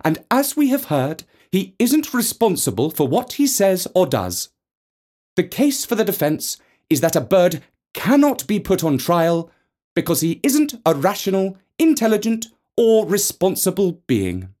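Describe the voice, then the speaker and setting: A man's voice: high voice, huge pitch swings, unhurried, a little mellow, voice pushed up, heavily acted. A man voicing a stern woman defence lawyer with a firm, formal delivery.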